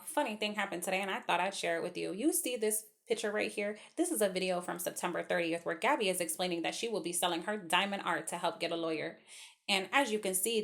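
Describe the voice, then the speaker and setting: A woman narrates a call-out clip, matter-of-fact and mocking. Her voice is low and gravelly with fry. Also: a bit bright.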